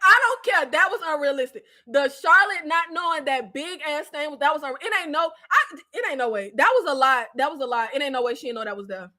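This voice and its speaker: A woman hosting a casual live-stream recap chat, animated and slangy, laughing often, with a stuffy nose and scratchy throat. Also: sits high, fairly quick, few pauses.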